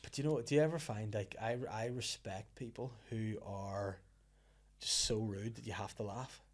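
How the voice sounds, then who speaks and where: A man with a Northern Irish accent hosting a comedy podcast, chatting casually and tossing in quick jokey asides. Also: fairly low pitch, steady tone. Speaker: podcast host.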